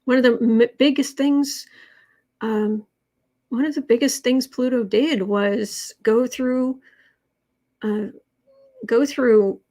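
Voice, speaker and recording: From home, a woman hosts her daily tarot livestream, chatting in a relaxed, meandering way and often circling back to restart sentences amid fillers. Her voice is a touch high for a woman, and she speaks slowly with frequent pauses.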